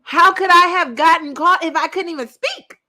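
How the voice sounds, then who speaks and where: A woman's voice: extremely high pitch, normal speed, sharp tone. A woman hosting a reaction commentary, talking bluntly and directly with lots of profanity. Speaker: commentary host. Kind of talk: reaction commentary on a panel clip.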